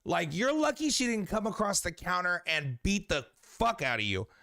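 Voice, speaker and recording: Man, comedy host, mock judge, higher voice, crisp and bright. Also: huge pitch swings, moderate pace, dry recording, clean studio sound. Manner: wry, joking. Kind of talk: mock courtroom comedy talk.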